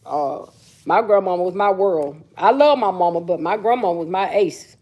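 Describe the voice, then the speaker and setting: A woman's voice: lowish voice, moderate pace, highs cut off. A middle-aged woman hosting a casual livestream chat, telling stories in a blunt, sassy way full of slang. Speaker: livestream host.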